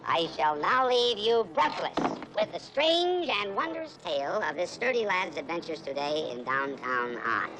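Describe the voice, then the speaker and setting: A man's voice: high voice, very animated, a little slow, few pauses, exaggerated voice. An actor playing a whimsical, wisecracking writer who spins his story in grandiloquent mock-storyteller tones, in 1960s film acting. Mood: playful. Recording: noisy old film soundtrack.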